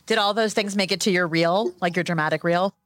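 A woman's voice: lowish voice, brisk, fairly bright tone, no room sound, clean studio sound. A woman interviewing an actor, asking chatty questions and laughing along.

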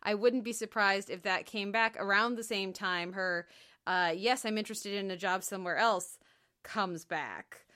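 A woman hosting a TV podcast, working through her analysis in a relaxed, chatty way. She leans on fillers and restarts and laughs now and then. Her voice sits at a middle pitch for a woman. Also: normal speed. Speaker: podcast co-host. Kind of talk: casual chat.

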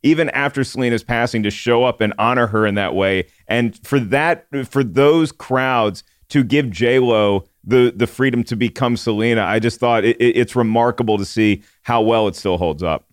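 Smooth-voiced male podcast co-host, dry sound. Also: medium pitch, normal speed, few pauses, dry recording. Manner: earnest, thoughtful, some restarts. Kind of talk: casual chat.

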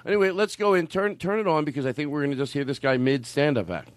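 A man's voice: on the high side, expressive, fast, no room sound. A male podcast host rambles through loose comedy chat. He laughs often and slips into silly voices. The sound is dry and close to the mic.

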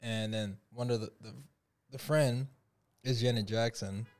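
A man's voice: mid-range voice, fairly even intonation, unhurried. A man chatting casually as a podcast guest, rambling through a story with lots of fillers and restarts. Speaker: guest musician.

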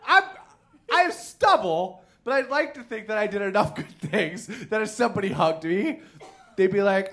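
A man's voice: high-pitched, very animated, normal speed. A man from the Chicago area telling comic stories as a podcast guest, laughing often and running self-deprecating. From Chicago area, Illinois. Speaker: comedian guest. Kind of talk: live podcast storytelling. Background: loud noises from a neighboring bowling alley.

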